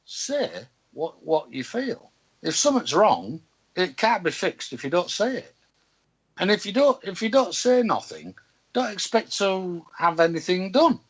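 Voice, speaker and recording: Blunt lively Hull man. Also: high voice, a little slow, slightly rough, muffled recording. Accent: Hull, Yorkshire. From Hull, England. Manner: blunt, outspoken, swearing freely. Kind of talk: casual chat.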